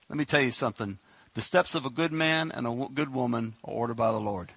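A man's voice: medium pitch, fast talker, gravelly, fairly bright tone, breathy edge, dry recording. A man preaching a sermon in a conversational way, acting out the people in the story as he goes. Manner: conversational preaching, acts out biblical characters.

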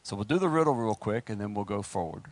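Animated joking preacher. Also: male voice, on the low side, fast talker, no room sound. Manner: lively, joking asides to the congregation. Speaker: preacher leading a Bible study. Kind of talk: sermon with scripture reading.

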